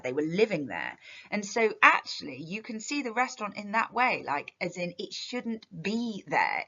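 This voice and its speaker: A woman's voice: medium pitch, a bit bright, dull audio. A woman teacher walking through a poem line by line, chatty and explanatory, with fillers and restarts. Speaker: English literature teacher. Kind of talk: poetry analysis lesson.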